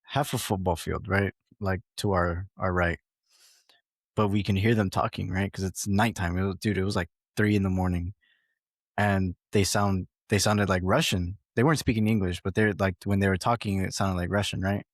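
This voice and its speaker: A man with a lowish voice rambles through a story on a podcast, loose and profane, with lots of "like" and "right?". The sound is dry and close. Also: fairly even intonation, normal speed, no room sound. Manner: rambling, profane, full of fillers. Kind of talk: casual storytelling.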